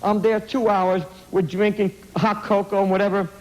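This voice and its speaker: Middle-aged man, blunt, emphatic speaker; high-pitched, acts out the people in his stories. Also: flat delivery, normal speed, low-quality recording. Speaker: anti-drug speaker. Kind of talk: impassioned storytelling speech.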